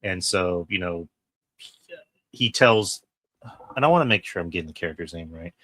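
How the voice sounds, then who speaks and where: A man's voice: sits low, lively intonation, normal speed, bright, forceful tone. A man co-hosting a casual film review, retelling scenes in an emphatic way and swearing freely. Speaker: podcast co-host.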